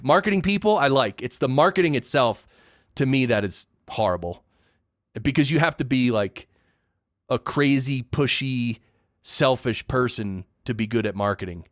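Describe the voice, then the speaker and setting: A man's voice: mid-range voice, no echo, studio quality. A man hosting a solo podcast, giving a casual, opinionated rant full of emphatic repeats and blunt judgments. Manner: opinionated, emphatic ranting with repetitions. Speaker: podcast host.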